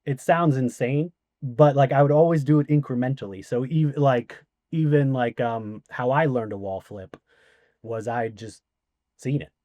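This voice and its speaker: A man's voice: mid-range voice, measured pace, dark tone, dry recording. Man in his forties, rambling storyteller. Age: 40s. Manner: rambling anecdotes with many fillers. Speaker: guest. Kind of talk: casual interview storytelling.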